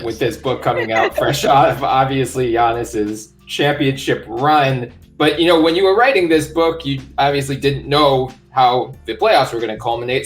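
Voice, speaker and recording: A man hosting a basketball podcast interview in a friendly way, with light laughter and fillers. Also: mid-range voice. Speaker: podcast host.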